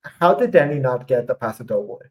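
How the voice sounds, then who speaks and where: A man co-hosting a relaxed reality-TV recap podcast, with a voice at an ordinary middle pitch for a man. He speaks in a measured way and pushes his pointed questions with emphasis. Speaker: podcast co-host. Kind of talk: casual reality-TV recap chat.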